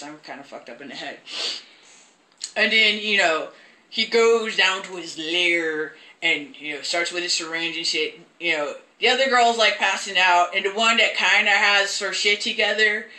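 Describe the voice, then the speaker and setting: A woman's voice: fairly low pitch, moderate pace, echoey room. Young woman ranting, swearing freely. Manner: profane, rambling, animated. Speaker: film reviewer. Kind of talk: casual ranting review.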